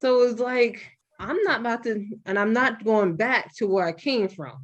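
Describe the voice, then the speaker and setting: A young woman hosts a podcast with a slightly high voice. She talks frankly and swears freely. She tells her stories with a lot of animation. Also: moderate pace, lo-fi sound. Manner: frank and profane, animated storytelling. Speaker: podcast host. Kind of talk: candid podcast conversation.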